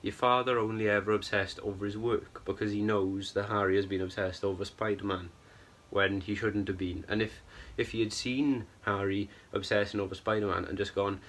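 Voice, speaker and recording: A young man with a somewhat low voice vents his opinions in a casual film review vlog. He rambles, circles back on himself and keeps checking in with "right?" and "bro", sounding plainly exasperated. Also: steady tone, normal speed, hardly any pauses, fairly bright tone.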